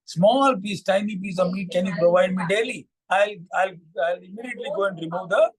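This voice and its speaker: A man's voice: high-pitched, brisk, a crowd in the background, lightly acted. A man voicing an old female woodpecker, in his own plain storytelling voice with repeated words. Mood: bargaining. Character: old female woodpecker, bargaining then stern.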